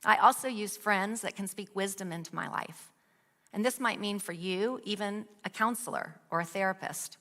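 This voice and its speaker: A woman's voice: medium pitch, moderate pace, bright, forceful tone. A woman giving an earnest devotional talk at a women's ministry, asking a string of rhetorical questions and reading scripture aloud. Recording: long hall reverb.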